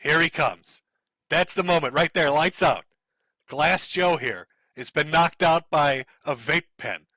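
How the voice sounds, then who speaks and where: Stream host, man, middle-aged, high and bright, sarcastic mocking commentary, dry close mic. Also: unhurried, no echo. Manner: sarcastic, mocking, laughs often.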